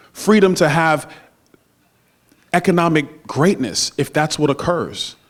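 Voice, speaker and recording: A middle-aged man giving a campaign stump speech at a dinner, with emphatic oratory and playful banter with the crowd. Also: a little high. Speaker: political speaker at a party dinner. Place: banquet room. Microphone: handheld microphone.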